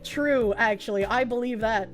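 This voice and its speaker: A woman's voice: a little high, moderate pace, soft background music. A woman streamer chatting casually and reading out chat messages, swearing freely and laughing a lot.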